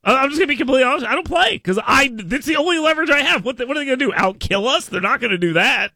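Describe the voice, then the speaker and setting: A male radio show host in casual talk radio banter, animated and rambling, often restarting words and stammering. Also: extremely high pitch, very fast, no room sound, clean studio sound.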